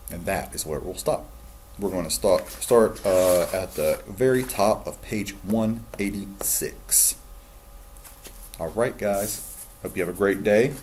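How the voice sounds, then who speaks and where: A man, a teacher, calmly reading a novel aloud to his students. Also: low voice, slow pace, a little hiss or hum. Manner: calm, steady storytelling.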